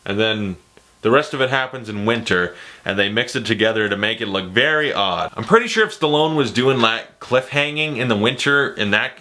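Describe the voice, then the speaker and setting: A man giving a casual, jokey movie ranking, excitable and profane. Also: medium pitch, moderate pace. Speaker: movie reviewer.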